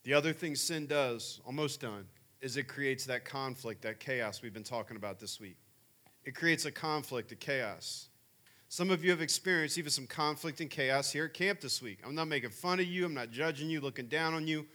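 Bright-voiced man in his forties preaching. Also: medium pitch, moderate pace. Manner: animated, chatty storytelling. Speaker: camp speaker. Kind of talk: sermon.

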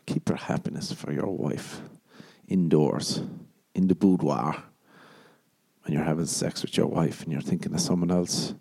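Irish male podcast host, young adult, low and warm voice, rambling profane monologue. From Ireland. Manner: profane, jokey, shifts into mock voices.

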